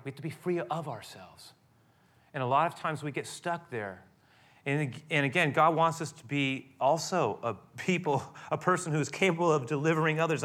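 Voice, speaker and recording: A middle-aged man preaching a sermon, animated, acting out dialogue with rising intensity. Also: medium pitch. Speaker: pastor.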